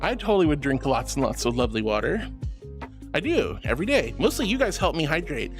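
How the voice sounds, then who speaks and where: An affectionate VTuber streamer chatting live with viewers, sprinkling endearments and giggly thanks. The voice sits at a middling pitch but leaps up and down in lively swings, with faint music playing underneath. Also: fast talker. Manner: affectionate, calls viewers sweetie and honey. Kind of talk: casual live-stream chat reading.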